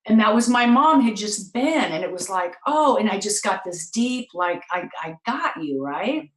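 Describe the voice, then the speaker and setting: Speaking at a normal speed in a mid-range voice, a woman hosting a talk show shares a personal story with her audience and does animated impressions of the people involved. It's recorded in an echoey room.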